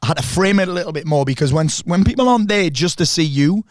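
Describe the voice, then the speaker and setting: A man's voice: fairly high pitch, expressive, dry recording. Brash man, straight-talking guest, close dry mic. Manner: blunt, fast-talking, heavy swearing. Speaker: podcast guest, speaker and coach. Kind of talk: candid conversation.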